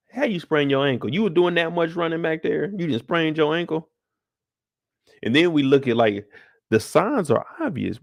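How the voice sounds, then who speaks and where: Brief: young man, profane and animated show recapper, tired, sighing, dry close sound. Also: a little high, vocal fry, no echo. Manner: profane, acts out scenes with voices and sound effects. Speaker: YouTube show recap host. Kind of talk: animated casual recap commentary.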